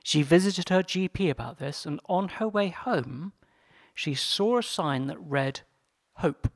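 A man presenting, reading a story aloud in a measured, earnest way. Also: on the high side, animated, dry recording, clean studio sound.

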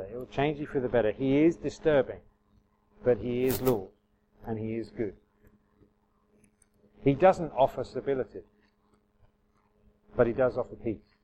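A man's voice: mid-range voice, dark tone, slight background noise. A man preaching a sermon as the pastor. He speaks earnestly and conversationally, with frequent restarts. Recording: slightly muffled church recording.

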